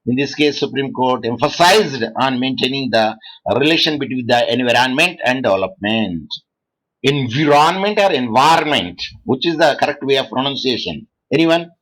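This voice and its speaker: A man from India, giving a law lecture to students, halting often and quizzing the class. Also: medium pitch, animated, fairly bright tone, low-quality recording. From South India.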